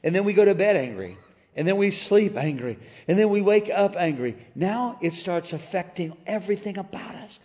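A middle-aged man from Missouri preaching a sermon, telling a story with animated energy and calling out to the congregation. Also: high voice, normal speed. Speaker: pastor. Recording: reverberant church hall.

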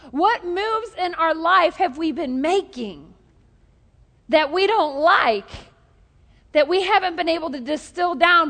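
Woman pastor, high voice, lively sermon, jokes and call-and-response, reverberant hall.

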